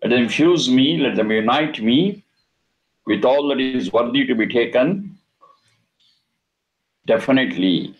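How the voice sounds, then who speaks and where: A Vedic teacher gives a scripture lesson, slowly and deliberately explaining Sanskrit words, repeating and chanting the terms. His voice is medium-pitched, and the recording has its highs cut off.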